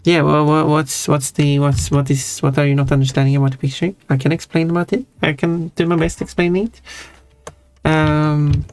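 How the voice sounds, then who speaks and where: A streamer talks while drawing in a medium-pitched, flat, somewhat dark voice at normal speed, rambling through replies to chat with frequent stammers and restarts. Faint music plays in the background.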